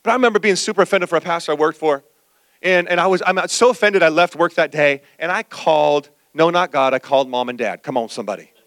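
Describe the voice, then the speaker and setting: A male pastor preaching a sermon, telling a personal story with animated, acted-out quotes. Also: fairly high pitch, fast talker, no echo.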